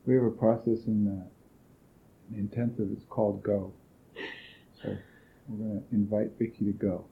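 A man leading a training workshop, calmly asking participants probing questions. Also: lowish voice, moderate pace, creaky, slight background noise. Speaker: workshop leader. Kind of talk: facilitating a group process. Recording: thin phone-like workshop recording.

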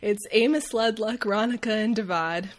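Wry, laughing woman recapping a book. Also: medium pitch. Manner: wry, laughs often, quick voiced asides for characters. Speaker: podcast host recapping a novel. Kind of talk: casual comedic book recap.

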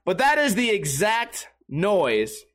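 High lively rambling man. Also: slow pace. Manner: rambling, crude, self-mocking. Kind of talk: solo comedic monologue.

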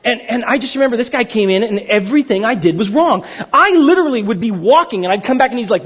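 High, animated pastor telling a story. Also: male voice, quick pace, hardly any pauses, slightly rough, muffled recording. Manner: animated storytelling with frequent laughter and repeated words. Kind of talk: sermon with personal story.

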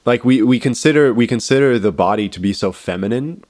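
A man's voice: medium pitch, a little fast, darkish tone, no echo, clean studio sound. A man co-hosting a podcast, talking casually and rambling with lots of "like" fillers and easy laughter. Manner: rambling, heavy use of "like" fillers; laughs easily. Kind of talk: casual conversation.

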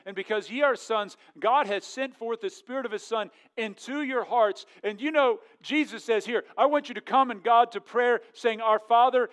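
Middle-aged male pastor with a high, light voice, preaching a lively, joking sermon in church. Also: smooth. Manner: jokey, animated, swings from loud to hushed. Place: church sanctuary.

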